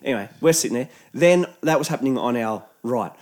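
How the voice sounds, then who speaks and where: A man's voice: mid-range voice, lively intonation, fast, a little mellow. A man with an Australian accent telling a rambling, profane anecdote in a casual chat, often mimicking other people's voices.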